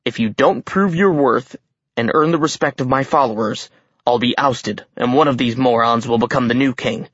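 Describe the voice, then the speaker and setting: A man voicing a sly, desperate giant king who booms for show and snarls under his breath in an audiobook. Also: normal speed, breathy edge, no echo, highs cut off. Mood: urgent hushed. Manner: loud showman bluster, then low urgent snarl.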